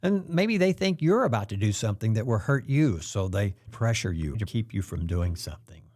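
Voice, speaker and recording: Lively-voiced man hosting a self-help talk. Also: on the low side, normal speed. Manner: calm explanatory delivery, acts out quoted pressure lines. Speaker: host.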